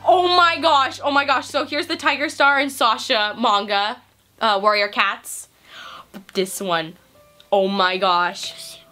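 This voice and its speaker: A woman hosting a casual vlog at home, excitedly gushing and giggling as she opens presents. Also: medium pitch, slow pace, soft background music. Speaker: vlog host. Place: at home on Christmas Eve.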